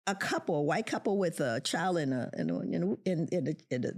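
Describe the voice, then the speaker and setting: A woman's voice: fairly low pitch, lively intonation, brisk, darkish tone. A middle-aged woman, a professor of social work, tells a personal story with passion, acting out the voices of the people in it and repeating lines for emphasis. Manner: impassioned, acts out quoted voices, repeats for emphasis. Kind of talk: emotional storytelling.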